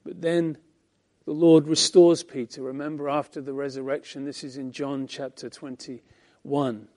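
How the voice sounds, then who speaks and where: A man preaching a Bible-teaching sermon as pastor, swinging between emphatic lines and hushed ones. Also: medium pitch, level tone, measured pace.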